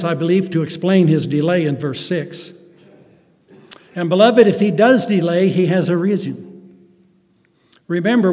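A pastor with a darkish, higher-leaning voice delivers a sermon, piling up emphasis through rhetorical questions and calling his congregation beloved. The hall lends a long reverb.

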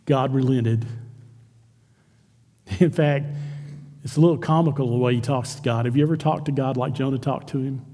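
A man preaching a sermon as a pastor, animated, acting out quoted lines in a church. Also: mid-range voice, moderate pace, long pauses. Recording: long hall reverb.

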